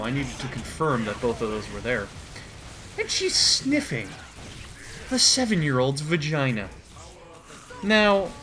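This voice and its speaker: A man from the United States gives a comedic reading that rambles and turns sarcastic, with plenty of swearing. His pitch jumps around lively, and music plays behind him. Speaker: comedy commentator.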